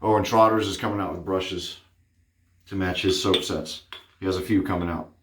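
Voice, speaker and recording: Deep-voiced man rambling in an echoey room. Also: steady tone, normal speed, fairly bright tone, slight background noise. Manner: rambling, chatty, many fillers. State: out of breath. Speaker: wet shaving vlogger. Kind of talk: casual shaving vlog.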